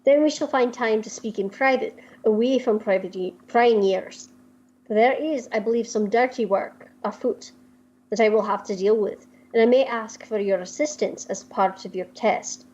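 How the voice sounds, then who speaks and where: A woman's voice: fairly high pitch, moderate pace, darkish tone, highs cut off, natural voice. A woman voicing a secretive female spy with a put-on Scottish accent, speaking formally and conspiratorially.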